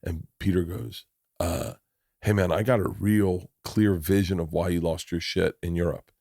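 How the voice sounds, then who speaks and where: A man's voice: low-pitched, steady tone, moderate pace, gravelly, a little mellow, dry recording, clean studio sound. A middle-aged man hosting a podcast, telling stories in a rambling, restart-filled way with plenty of swearing. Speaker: podcast host. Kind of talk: casual chat.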